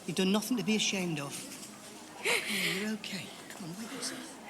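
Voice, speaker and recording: A gentle older man comforting a friend. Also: high-pitched, expressive, brisk, very noisy. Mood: reassuring. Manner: soft, reassuring.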